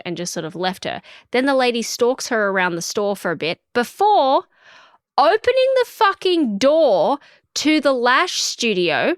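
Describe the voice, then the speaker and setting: A woman's voice: on the high side, measured pace, dry recording, studio quality. A woman co-hosting a podcast, telling an outraged story in casual chat and acting out the people in it. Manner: animated, indignant storyteller who acts out quotes. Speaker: podcast co-host.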